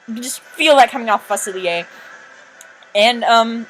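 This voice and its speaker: A woman giving chatty, excitable commentary over a video, jumping in with quick asides. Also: a little high, rough recording.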